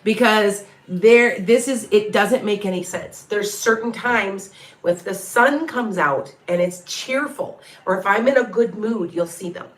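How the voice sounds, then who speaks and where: A woman's voice: medium pitch, a little slow, reverberant. A woman, a psychic medium, chatting casually with viewers on a livestream, rambling, heartfelt and frank, now and then salty. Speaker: psychic medium and tarot reader.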